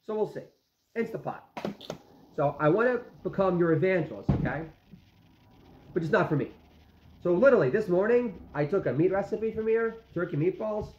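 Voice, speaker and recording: A man's voice: high-pitched, expressive, a little fast, slight background noise. Rambling sarcastic man in his forties. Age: 40s. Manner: sarcastic, self-mocking, rambling with many fillers. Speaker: vlogger dad. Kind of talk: comic rambling rant. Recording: echoey room, dull lo-fi sound.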